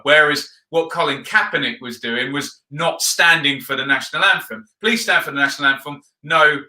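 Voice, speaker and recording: A man chats through football news and viewer comments in a loose, rambling way, filling his pauses with ums. His voice sits a bit high for a man. The room around him rings with a noticeable echo. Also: pushed and bright. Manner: chatty, rambling, frequent ums. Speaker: football video host. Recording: roomy echo.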